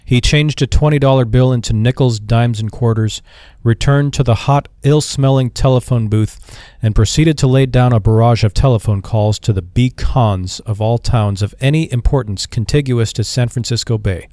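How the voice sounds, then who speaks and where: Male audiobook narrator, measured delivery, mid pitch, dry booth sound. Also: mellow, no echo. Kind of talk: scripted narration.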